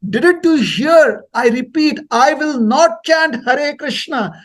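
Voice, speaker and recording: A man acting out a proud, high-ranking magistrate who scolds in exasperation. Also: animated, takes it slowly, darkish tone, slightly rough, heavily acted. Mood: exasperated.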